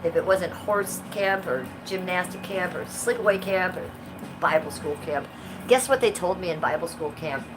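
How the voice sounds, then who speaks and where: A woman's voice: on the low side, moderate pace. Brash, profane woman in her fifties. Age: 50s. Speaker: livestreamer. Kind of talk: casual livestream chat. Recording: steady background noise.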